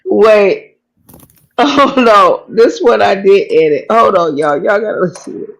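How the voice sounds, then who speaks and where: A woman's voice: medium pitch, unhurried, gravelly, low-quality recording. A woman hosting a live call-in show, casual and slangy, laughing often. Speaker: host.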